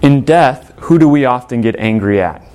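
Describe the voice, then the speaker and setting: A male pastor delivers a sermon at an ordinary, mid-range pitch. He reads scripture aloud and presses his listeners with earnest rhetorical questions. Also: animated, moderate pace, darkish tone, a little hiss or hum.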